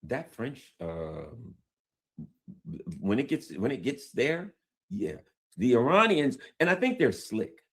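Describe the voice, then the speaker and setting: A man giving casual, jokey news commentary in an animated, slangy way. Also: mid-range voice, slow, pauses often, slightly rough.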